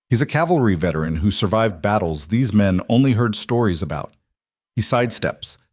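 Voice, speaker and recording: A man narrating a scripted western story in a dramatic, measured way. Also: on the low side, a little mellow, dry recording, clean studio sound.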